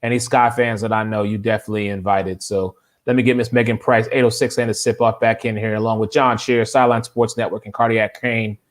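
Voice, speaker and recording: Animated man hosting a sports talk show. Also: fairly low pitch, brisk, few pauses. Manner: animated, exclaiming, throws questions to panel. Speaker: podcast host.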